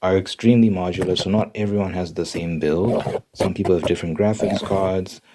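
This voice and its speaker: A man in whispered role-play as an ASMR creator, running a mock eye test and rambling jokily between whispers and soft talk. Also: deep voice, fairly even intonation, fairly quick, noisy background.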